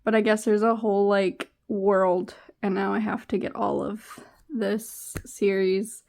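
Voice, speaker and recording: A young woman vlogging in a casual, rambling way, sounding low and tired, trailing off into fillers. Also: flat delivery, measured pace, vocal fry, darkish tone. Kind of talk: casual vlog chat.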